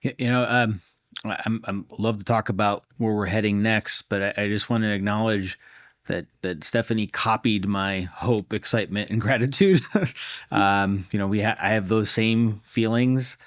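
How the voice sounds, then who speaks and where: Very deep-voiced earnest doctor. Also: male voice, fairly even intonation, normal speed, no room sound, clean studio sound. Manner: earnest, often doubles words when starting a thought. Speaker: physician and cancer researcher. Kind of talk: reflective answer in an interview.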